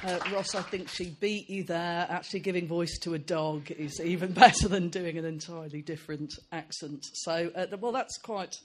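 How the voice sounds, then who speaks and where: A man's voice: on the high side, normal speed, hardly any pauses, background noise. A man hosting a live book event, introducing authors in a hesitant, chatty way with lots of fillers and laughs. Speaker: event host.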